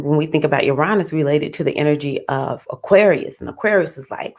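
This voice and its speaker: A woman astrologer hosting a relaxed livestream. She has a low, warm-toned speaking voice and an animated, playful manner. She laughs easily and chats directly with her viewers. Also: fairly quick, few pauses. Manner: animated and playful, laughs often, calls listeners "baby". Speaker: astrologer, host. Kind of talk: casual livestream talk.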